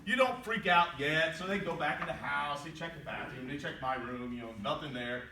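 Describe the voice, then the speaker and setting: A man's voice: fairly high pitch, brisk. A man from West Virginia giving an inspirational speech to students, telling a story and acting out the quotes with changing voices. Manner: animated, acts out quotes with voice changes. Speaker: motivational speaker. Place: large hall before a live audience. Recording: roomy, distant, noisy live hall recording.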